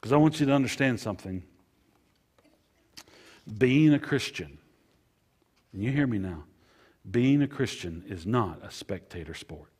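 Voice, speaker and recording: A man preaching a sermon as pastor, repeating phrases and swinging between loud emphasis and hushed lines. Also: medium pitch, lively intonation, measured pace, long pauses, husky.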